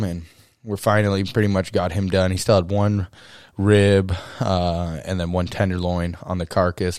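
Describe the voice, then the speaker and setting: A young podcast co-host spins a long, rambling story in a casual way, peppered with "you know" and "uh." His voice sits low, recorded in clean studio quality with no echo.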